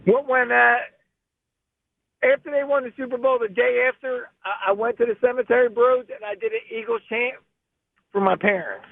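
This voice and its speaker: A man's voice: very high-pitched, fairly even intonation, normal speed, gravelly, no room sound. An emotional man, calling in to a sports radio show, peppering his talk with "bro". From Philadelphia area. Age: 50s. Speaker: caller. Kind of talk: excited call-in chat. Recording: phone line.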